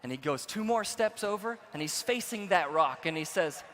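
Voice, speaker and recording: A young man giving a storytelling keynote speech to a conference audience in a large hall, going from quiet narration to shouted excitement. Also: sits high, normal speed. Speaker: keynote speaker. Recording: reverberant hall with faint ambience.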